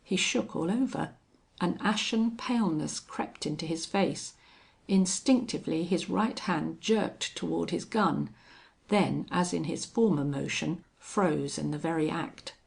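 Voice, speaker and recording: A woman narrating a western novel as an audiobook, with a steady, measured delivery. Her voice has a gravelly fry and she reads slowly. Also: low-pitched.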